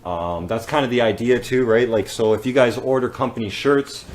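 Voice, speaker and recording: A man's voice: medium pitch, moderate pace, poor audio. A man hosting a casual vlog, rambling loosely and tagging his lines with "eh?" and "right?". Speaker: vlog host. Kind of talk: casual on-camera chat.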